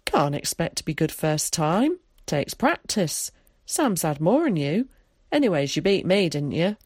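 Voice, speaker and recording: A woman voicing a gruff, blunt older countryman in an audiobook, speaking in a clipped rustic dialect. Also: lowish voice, very animated, a little slow, darkish tone, no echo, clean studio sound, exaggerated voice. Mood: coaxing. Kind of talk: audiobook character voice.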